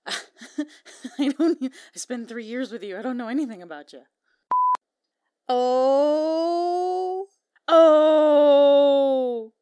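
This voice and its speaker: A woman's voice: a little high, animated, normal speed, warm tone, no room sound, studio quality. A woman recording fan dub lines, joking and chatting between takes. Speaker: voice actor. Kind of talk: voice acting outtakes.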